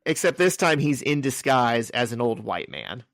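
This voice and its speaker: A man's voice: mid-range voice, sing-song, moderate pace, gravelly, a bit bright, no room sound, studio quality. A man co-hosting a podcast, casually walking through a comic's scenes with crude jokes along the way. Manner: crude, joking, recounts scenes in order. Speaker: podcast co-host. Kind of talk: casual chat recapping a comic.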